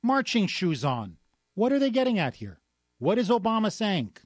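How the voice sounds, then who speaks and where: High-voiced, sarcastic radio talk host. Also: male voice, huge pitch swings, moderate pace, no room sound. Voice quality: sarcastic, scornful, mock gasps. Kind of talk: combative political radio commentary.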